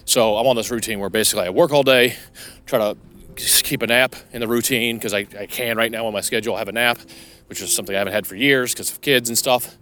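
A middle-aged man hosts a solo podcast from inside a parked vehicle, rambling casually and profanely and often restarting his sentences. His mid-range voice has a sharp tone and fairly even intonation, and he talks fast.

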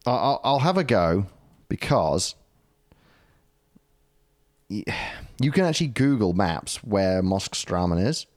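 A man with a New Zealand accent, his voice sitting a touch low. He talks in a loose, rambling way, trading jokes and laughing easily in casual podcast chat. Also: sing-song, slow, long pauses, a little mellow. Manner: rambling, jokey, laughs often.

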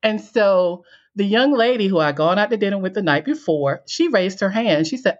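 A woman's voice: medium pitch, expressive, normal speed, lo-fi sound. A woman guest telling her personal story in an interview. She acts out her own past lines and laughs as she tells it. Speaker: guest, coach and speaker.

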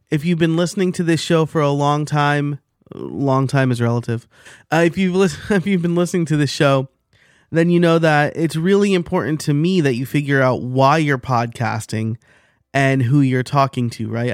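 A man's voice: fairly high pitch, no room sound, clean studio sound. A man in his thirties hosting his own podcast, talking in a casual, conversational way and often restarting his sentences. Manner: conversational, self-correcting. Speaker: podcast host.

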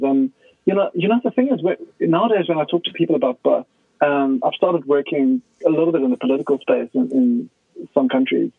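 A man as a guest expert, explaining in a casual, animated way and acting out quoted dialogue. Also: fairly high pitch, vocal fry, no echo. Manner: animated storyteller who acts out quoted dialogue. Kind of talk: conversational podcast explanation. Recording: tinny phone line, dry.

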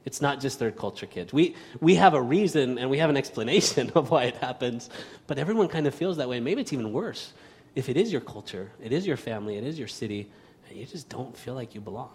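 Male pastor, mid-pitched, relaxed and self-mocking sermon delivery, echoing church hall. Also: fast. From United States, raised in Spain. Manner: casual, self-deprecating, many fillers and restarts.

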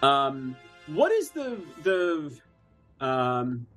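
A man's voice: medium pitch, huge pitch swings, drawn-out words, a bit bright, soft background music. A man playing a tabletop game, talking casually with many restarts and a wry, self-mocking manner. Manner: hesitant, full of restarts, wry.

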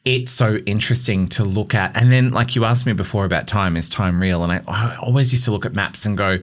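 A man with a fairly low voice co-hosts a relaxed podcast conversation. He talks in a playful, chatty way and laughs easily. He sounds like someone trading stories with a friend. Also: a little fast. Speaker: podcast co-host. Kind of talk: casual chat.

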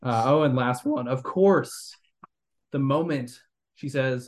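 Slow and medium-pitched, the young podcast host chats casually about a movie, criticizing it at length with plenty of fillers and restarts.

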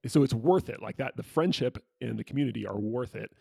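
Gravelly, husky man chatting casually. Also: mid-range voice, brisk, dark tone, dry recording. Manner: laughs often, loose and chatty with many fillers. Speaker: podcast co-host. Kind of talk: casual chat about a picture book.

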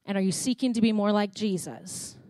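A woman's voice: medium pitch, fairly quick, dark tone, no echo. A woman with a Canadian accent preaching a sermon in a church, telling stories in a chatty way and acting out conversations. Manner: chatty storytelling, reenacting conversations.

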